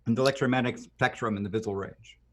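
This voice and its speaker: A man's voice: mid-range voice, steady tone, racing. A man in a casual group video chat, giving nerdy, precise explanations.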